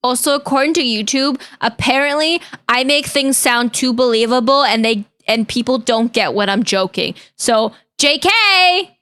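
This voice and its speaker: A young woman talks casually to her live-stream chat while reacting to videos. Her voice sits high and sounds bright. She jokes in a deadpan way that can come across as serious. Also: normal speed, hardly any pauses. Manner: joking, deadpan, chatty with chat.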